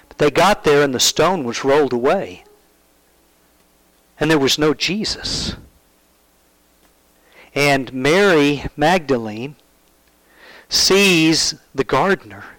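A man preaching a sermon, retelling a Bible story in a storytelling manner, asking the listeners questions and dropping to hushed tones. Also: a little high, dry recording, poor audio.

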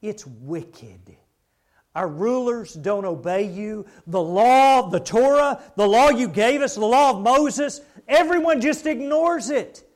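A man's voice: high-pitched, sing-song, measured pace, hardly any pauses, slightly rough, full character voice. A man doing an outraged, pleading prophet. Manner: shouting, incredulous protest. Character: anguished male prophet pleading with God.

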